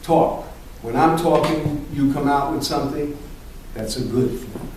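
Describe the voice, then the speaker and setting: A man leads an improv class in an animated, punchy way, cursing and tossing out "boom" to drive points home. His voice sits a bit high and carries from a distance through a strongly echoing room with faint background noise. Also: a little slow. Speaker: acting coach. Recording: echoey room from far off, faint ambience.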